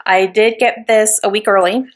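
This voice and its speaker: A woman vlogging about a new book at home, gushing and bubbling over with excitement. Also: mid-range voice, moderate pace. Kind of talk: excited casual vlog. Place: home couch.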